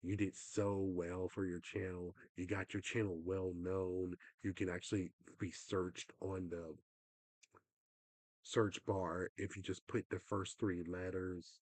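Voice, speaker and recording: A man's voice: sits low, level tone, takes it slowly, darkish tone, no echo. A young man livestreaming, talking in a rambling, frustrated way that often trails off. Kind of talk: casual livestream rant.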